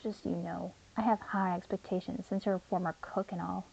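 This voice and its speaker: A woman narrating a first-person audio story as a caring, protective young man named Caleb, in an earnest, steady manner. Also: on the low side, a little fast, vocal fry, dull audio, a little hiss or hum. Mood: warm. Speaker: narrator and voice actor.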